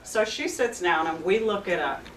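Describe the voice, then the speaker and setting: Woman counselor telling a lively story. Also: lowish voice, normal speed, a little hiss or hum. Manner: lively storytelling, acting out both sides of a conversation. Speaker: clinical director and counselor. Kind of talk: anecdotal talk to an audience. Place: open house event, indoor room. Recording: roomy sound picked up from a distance.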